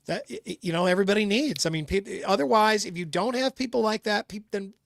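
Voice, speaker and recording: A man co-hosting a casual sports talk show, speaking in halting bursts with many restarts. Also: high voice, animated, vocal fry, no room sound, studio quality. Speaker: co-host.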